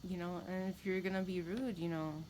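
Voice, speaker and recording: A woman's voice: fairly low pitch, steady tone, a little fast, darkish tone, slight background noise, rough recording. Candid rambling woman tarot reader. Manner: candid, rambling, with emphatic repetition. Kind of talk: casual spiritual talk to camera.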